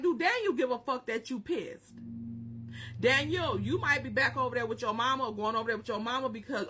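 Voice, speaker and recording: A woman's voice: high-pitched, sharp tone. A woman giving casual, profane commentary on a reality show, retelling scenes with lots of animation.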